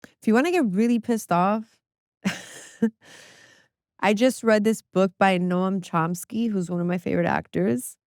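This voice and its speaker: A woman's voice: medium pitch, unhurried, pauses often, darkish tone, no room sound, studio quality. A woman guest on a podcast, chatting casually and animatedly, laughing often and swearing freely. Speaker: podcast guest, music publicist. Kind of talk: casual chat.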